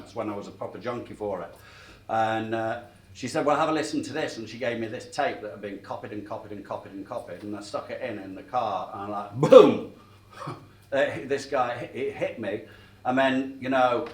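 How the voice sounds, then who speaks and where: A middle-aged man giving a sales training talk, telling stories and checking in with the room as he goes. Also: fairly low pitch. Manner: chatty, checks in with the room often. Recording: echoey room, mic at a distance.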